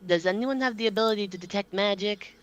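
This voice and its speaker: A woman's voice: medium pitch, quick pace, dull audio. A woman playing in a tabletop game, chatting casually and bluntly, with the odd swear. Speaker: player.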